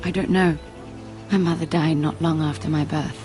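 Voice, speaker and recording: An actress playing an earnest young handmaiden at a royal court in a video game, speaking softly and confidingly. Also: female voice, sits low, fairly even intonation, moderate pace, over music, close to an everyday voice. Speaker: game character. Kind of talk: voiced video game dialogue.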